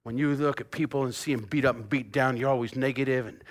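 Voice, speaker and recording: A man in his fifties preaching a sermon as pastor, lively and joking, bursting into song and laughter, then dropping to a quiet, earnest hush. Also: mid-range voice, quick pace. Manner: animated preacher, bursts into sung snippets and laughter, drops to hushed tones.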